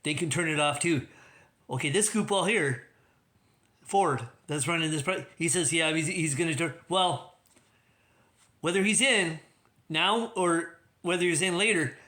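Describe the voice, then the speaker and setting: A man's voice: fairly high pitch, a little slow, long pauses, sharp tone. A man hosting a livestream, talking in a rambling, casual way with many restarts and laughing at his own jokes. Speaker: livestream host.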